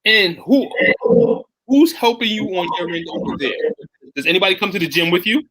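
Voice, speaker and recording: A man's voice: high voice, lively intonation, a little fast, bright, forceful tone, low-quality recording. Encouraging male show host. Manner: encouraging, supportive. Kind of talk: casual interview conversation.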